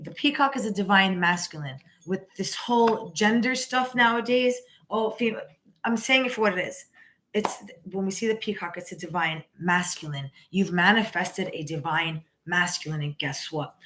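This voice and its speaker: A woman's voice: mid-range voice, normal speed, a bit bright, a little hiss or hum. A woman giving a casual live tarot reading, rambling and emphatic, with frequent restarts. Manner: rambling, with many restarts and repeated "you know"; emphatic and encouraging. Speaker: tarot reader.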